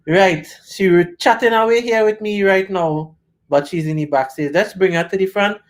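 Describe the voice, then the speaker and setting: A woman's voice: mid-range voice, unhurried. A woman hosting a casual live-stream interview, chatty and joking, rambling as she goes. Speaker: host.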